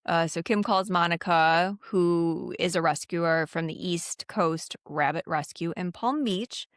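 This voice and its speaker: A woman's voice: fairly low pitch, a little slow, dry recording, studio quality. A woman co-hosting a podcast, recapping a story in casual chat with frequent laughs and fillers. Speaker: podcast co-host.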